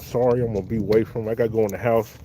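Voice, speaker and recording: A man's voice: on the low side, fairly even intonation, very fast, noisy background. A man from California with a Californian accent, hosting a casual livestream and talking easily to his viewers. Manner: laid-back, keeps calling viewers y'all and thanking chatters. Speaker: dog breeder hosting a livestream. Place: outdoors in the cold beside big dogs. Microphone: phone set up on the spot.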